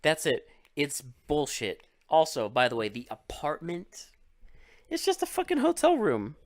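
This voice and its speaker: A man co-hosting a podcast, recapping a movie in casual, profane, animated chat and acting out scenes. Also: fairly high pitch, measured pace, no room sound, clean studio sound. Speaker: podcast co-host.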